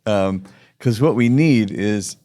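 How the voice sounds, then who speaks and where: As co-host of a casual faith-based podcast, a man talks earnestly, restarting often and urging listeners emphatically. His voice is lowish and mellow, and he speaks slowly.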